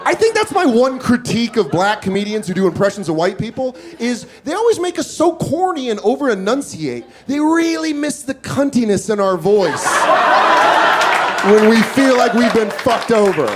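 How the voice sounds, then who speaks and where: A man doing stand-up storytelling, animated, profane and self-mocking, in a comedy club. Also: extremely high pitch, moderate pace, noisy background.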